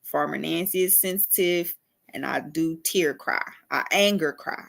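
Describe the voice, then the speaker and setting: Low-pitched slow-talking woman vlogger. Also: gravelly, fairly bright tone. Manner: emphatic, cussing, repetitive. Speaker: urban farmer and vlogger. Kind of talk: casual ranting vlog.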